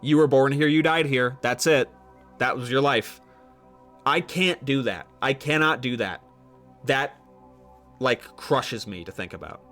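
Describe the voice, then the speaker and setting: A man's voice: medium pitch, unhurried, long pauses, fairly bright tone, soft background music. A young man streaming live, rambling animatedly through his thoughts with casual swearing and frequent restarts.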